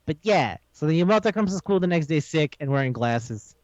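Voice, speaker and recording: A man co-hosting a casual podcast, recapping an episode with animated, profane delivery and acted-out lines. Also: fairly high pitch, fairly quick, no room sound. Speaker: podcast co-host. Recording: dull lo-fi sound.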